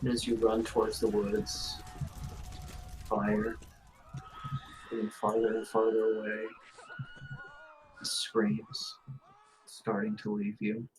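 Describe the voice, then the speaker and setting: A man as game master, narrating a tabletop role-playing scene in a grave, unhurried second-person storytelling manner. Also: fairly low pitch, completely flat delivery, slight background noise, low-quality recording.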